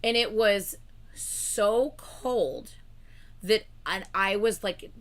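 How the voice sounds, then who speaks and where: Young woman rambling on a livestream, says like a lot, average pitch, chill chat. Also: extremely slow. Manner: rambling, lots of "like" fillers, laughs between lines. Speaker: livestream co-host.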